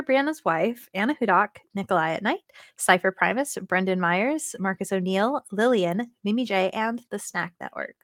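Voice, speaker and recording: A woman's voice: mid-range voice, no room sound. Chatty woman podcast host, dry sound. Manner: chatty, giggly, many "like" and "um". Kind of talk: casual podcast chat.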